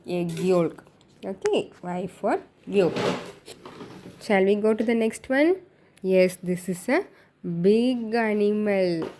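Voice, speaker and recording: A woman's voice: fairly low pitch, dark tone, slight background noise. A woman teaching young children a phonics lesson, repeating each word and asking the class simple questions. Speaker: kindergarten teacher.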